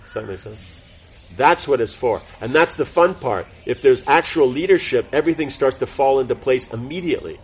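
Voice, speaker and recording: A man's voice: mid-range voice, expressive, brisk, husky, lo-fi sound. A man teaching a devotional class in an informal, rambling way, full of fillers and self-corrections. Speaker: spiritual teacher giving a class.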